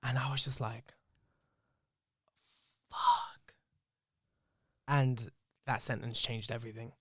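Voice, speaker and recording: A man, speaking on a podcast in an emotional, reflective way. His voice sits at an ordinary middle pitch. It is recorded close and dry, with no room sound at all. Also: little pitch movement, normal speed, a bit bright, husky, no echo. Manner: emotional, reflective, swears freely. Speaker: podcast host. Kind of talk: candid podcast storytelling.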